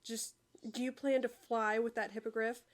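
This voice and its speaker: An aloof, irritable teenage boy wizard who brushes everyone off, read aloud by a woman. The delivery is flat and plain, with no accent put on, and sounds more like someone reading from a screen than acting. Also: a little high, normal speed, lightly acted. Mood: dismissive. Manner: sighing, dismissive, read aloud from a chat.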